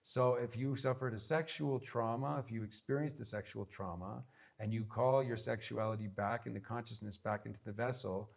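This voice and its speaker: A man's voice: mid-range voice, fairly even intonation, normal speed, gravelly. A man giving an instructional talk on spiritual practice, earnest and emphatic, with many repeated phrases. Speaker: spiritual teacher.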